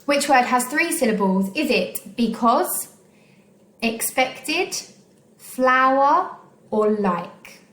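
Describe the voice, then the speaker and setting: Slow, careful woman teacher in echoey room. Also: sits high, expressive, a bit bright. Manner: slow, clearly sounding out syllables. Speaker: primary school teacher. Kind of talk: recorded online phonics lesson.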